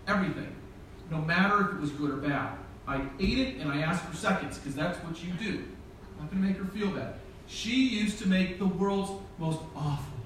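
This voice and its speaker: A middle-aged pastor with a slightly high, fairly bright voice preaches a sermon in a church sanctuary, telling a humorous story and acting out the dialogue. The recording is very echoey, captured from far off in the church hall, with a little hiss or hum.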